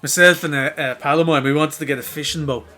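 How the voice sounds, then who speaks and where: A man's voice: on the high side, steady tone, fast talker, sharp tone, soft background music. An Irish man co-hosting a podcast, telling stories in casual chat, laughing often and swearing freely. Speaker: podcast co-host.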